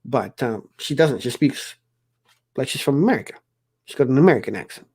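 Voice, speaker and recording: A South African man in his forties hosts a casual livestream chat, telling rambling stories and restarting his sentences often. His mid-range voice is a little mellow with a breathy edge, and he talks a bit fast with lively intonation.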